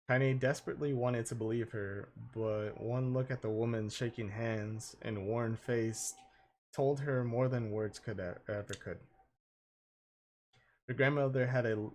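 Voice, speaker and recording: A man's voice: mid-range voice, a little hiss or hum. A male streamer reading game story text aloud, stumbling over words and laughing at his own slips. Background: game music.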